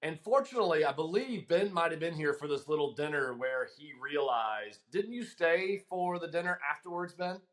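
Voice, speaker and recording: Telling a long story in laid-back conversation, a middle-aged guest caddie speaks in a slightly high voice at normal speed with few pauses. He's lively, laughs often, and uses frequent ums.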